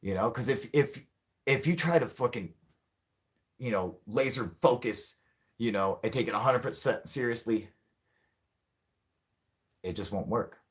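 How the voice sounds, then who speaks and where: A man hosting a UFO livestream in casual chat with viewers, rambling and swearing, joking and laughing often, and turning loud and mock-heated when riled. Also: mid-range voice, a little slow, pauses often.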